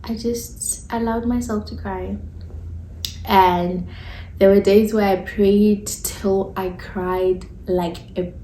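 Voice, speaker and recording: A woman's voice: medium pitch, steady tone, slow pace, warm tone, a little hiss or hum. Candid woman telling her story, echoey room. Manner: candid and conversational, informal phrasing. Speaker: esthetician sharing a faith testimony. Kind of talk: personal testimony, casual storytelling.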